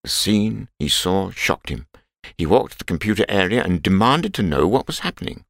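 A man narrating a simple storybook in a clear, measured reading voice. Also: sits low, sing-song, no echo, clean studio sound.

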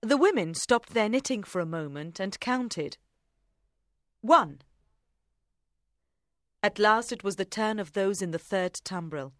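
A woman narrating an audiobook in a measured, even way. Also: mid-range voice, dry recording, studio quality. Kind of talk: audiobook reading.

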